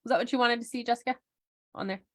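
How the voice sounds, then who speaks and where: A woman's voice: on the high side, steady tone, very fast, a bit bright. A middle-aged woman hosting an online workshop in a casual, chatty way, laughing often and using lots of fillers. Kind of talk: casual live presentation.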